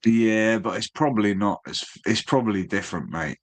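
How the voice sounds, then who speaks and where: A man's voice: on the low side, moderate pace. A man chatting casually as a stream host, laid-back, swearing freely and calling people mate. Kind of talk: casual chat.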